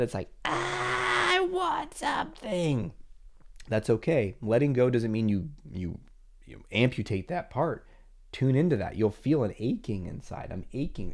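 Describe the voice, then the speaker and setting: A middle-aged man hosting a therapy podcast, talking casually and acting out imagined conversations with family. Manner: conversational, acts out imagined dialogues with lively pitch jumps.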